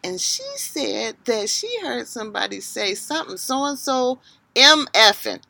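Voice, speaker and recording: A middle-aged woman co-hosting a casual podcast, an animated storyteller who swings between loud and soft. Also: fairly high pitch, normal speed, creaky, a little hiss or hum. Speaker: podcast co-host.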